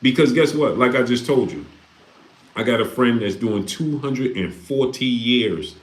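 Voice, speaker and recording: An expressive, unhurried man with a mid-range voice hosts a livestream and reads Super Chats. His talk is casual, shifting into preaching with rhetorical questions he keeps repeating, all in an echoey room.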